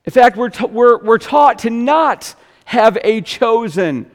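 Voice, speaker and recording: A man preaching a sermon as pastor, conversational, dropping to quiet asides and rising to loud emphatic bursts. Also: extremely high pitch, animated, takes it slowly, long reverb tail.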